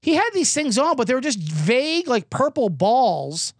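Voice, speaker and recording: A man's voice: very high-pitched, very animated, moderate pace, dry recording, clean studio sound. A man hosting a podcast, telling a rambling, self-deprecating comedic story while he recovers from a cough. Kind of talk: comedic casual monologue. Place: indoors, Los Angeles.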